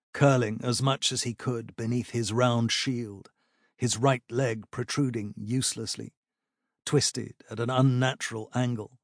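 A man narrating a fantasy battle audiobook in a measured, even storytelling manner. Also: medium pitch, no room sound, studio quality.

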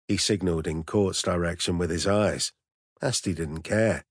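A man narrating an audiobook in a steady, measured storytelling voice. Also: low voice, slightly rough, dry recording, clean studio sound. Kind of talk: scripted narration.

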